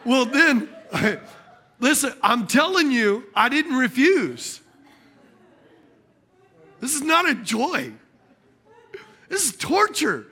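A man's voice: very high voice, measured pace, long pauses. A man preaching a sermon, telling a funny story and calling out to the congregation. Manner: animated, jokey, calls out to the congregation.

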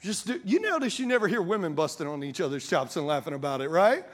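A man's voice: a little high, very animated, fast talker. A man delivering a humorous sermon in a playful, conversational way, often calling out to the audience for agreement. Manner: conversational, drops into folksy slang.

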